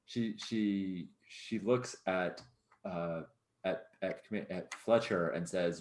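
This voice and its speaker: A tabletop game player who speaks haltingly with many restarts, playful in character. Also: low-pitched, roomy sound.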